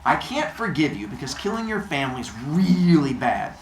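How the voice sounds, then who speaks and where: A man voicing a blunt, weary older king of the gods who speaks low, quiet and matter-of-fact, recorded in a roomy space. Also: big pitch swings, moderate pace, slight background noise. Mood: deadpan.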